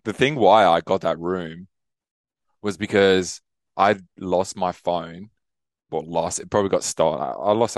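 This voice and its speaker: This podcast co-host is a young man with a low-pitched voice, captured in clean studio sound without echo. He chats casually, wanders from story to story, laughs a lot, and drops swear words freely.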